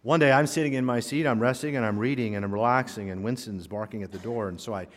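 A man preaching a sermon to his congregation, telling stories with punchy asides and an animated, lively delivery. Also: mid-range voice, fast. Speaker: pastor. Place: church sanctuary. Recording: long reverb of a large hall.

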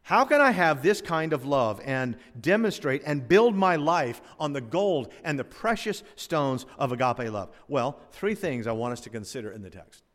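A man's voice: medium pitch, animated, moderate pace, few pauses. A man preaching a sermon in a church, conversational and joking as he teaches. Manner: conversational preaching with asides and humor. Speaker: pastor. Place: church sanctuary. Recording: long hall reverb.

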